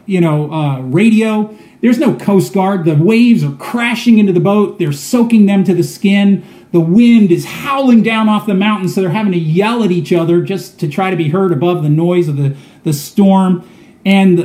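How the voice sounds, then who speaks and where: A man's voice: high-pitched, warm tone. A man preaching a sermon, telling a story earnestly and often repeating words as he goes. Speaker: pastor. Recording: echoey room.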